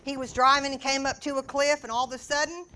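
A woman preaching a sermon, telling a personal story with animated storytelling and acting out shouts and quotes. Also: high voice, fast, slight background noise.

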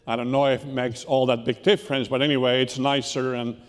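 A man's voice: medium pitch, level tone. Guy preaching, stops and restarts a lot, churchy echo. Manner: unhurried, halting delivery with repeated restarts. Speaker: pastor. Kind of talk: sermon. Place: church sanctuary. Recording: reverberant church hall.

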